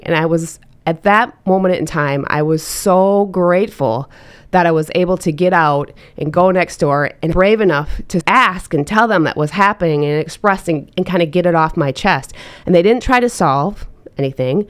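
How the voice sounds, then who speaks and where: Middle-aged woman, single mom, earnest personal story; low, smooth voice. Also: normal speed. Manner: earnest, reflective, candid. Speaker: single mother sharing her story.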